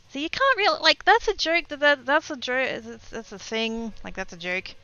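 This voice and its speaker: A woman's voice: high voice, moderate pace, few pauses, pushed and bright, no echo, highs cut off, soft background music. An Australian woman streaming her crafting, chatting casually and laughing as she reads the chat. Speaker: crafting livestreamer. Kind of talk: casual chat while stamping.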